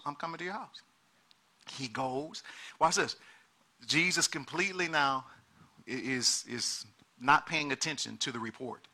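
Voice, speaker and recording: Guy preaching a sermon, super bright ringing voice, keeps repeating himself and acting out people. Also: a little high, creaky. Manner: animated, repeats words, acts out quoted people.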